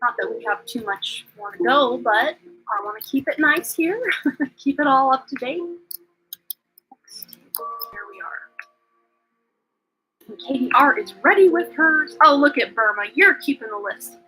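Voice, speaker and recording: A woman with a high, bright voice gives a live-streamed tarot reading. She talks effusively and chattily, full of "like" and "um" fillers. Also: animated, a little slow, long pauses, soft background music, low-quality recording. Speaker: tarot reader and livestream host.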